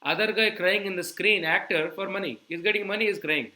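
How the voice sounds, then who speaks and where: A man preaching to his listeners. His voice sits a little high and rings bright and forceful. He keeps turning to the audience with quick rhetorical questions, animated throughout. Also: low-quality recording. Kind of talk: sermon.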